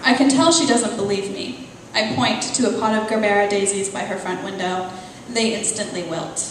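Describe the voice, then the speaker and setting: A woman author reading a passage of her novel aloud at a live event, at a measured, unhurried pace. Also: medium pitch, a little hiss or hum. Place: event venue, indoors. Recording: echoey hall, voice far from mic.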